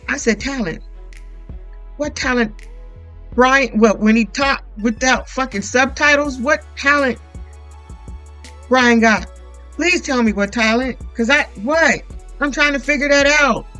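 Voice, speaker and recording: A woman's voice: high voice, a little slow, soft background music, rough recording. Blunt, profane woman recapping reality TV. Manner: blunt, profane, animated retelling with quoted voices. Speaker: YouTube reality TV commentator. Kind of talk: casual recap commentary.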